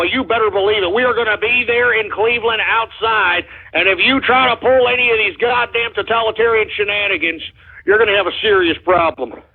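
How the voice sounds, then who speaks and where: Fired-up high-pitched man on a tinny line. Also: husky. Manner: fired-up, shouty, swears and repeats himself. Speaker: radio show host. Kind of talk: excited call-in radio rant. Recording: tinny phone-line audio.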